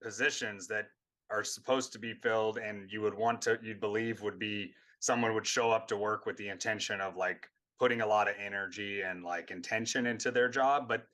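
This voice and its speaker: A man's voice: on the low side, fairly even intonation, moderate pace, pushed and bright. A man, a guest on a talk show, speaking in casual conversation, searching for words and often restarting his sentences.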